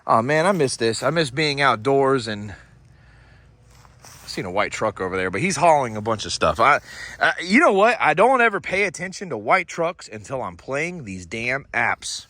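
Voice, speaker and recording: A very animated Florida man with a Southern country accent talks at normal speed in a sharp, mid-range voice. As a paranormal vlogger, he chats in a rambling, jokey way full of swearing while a companion films him on a phone.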